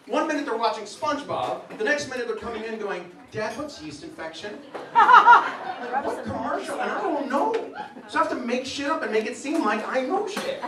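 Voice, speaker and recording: A man in his forties doing crude live stand-up in a pub, telling punchy stories. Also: very high-pitched. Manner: brash, crude storytelling with punchy one-liners. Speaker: stand-up comedian. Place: pub stage in front of a live audience. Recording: distant echoey pub room with crowd laughter. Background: audience laughter and bar ambience.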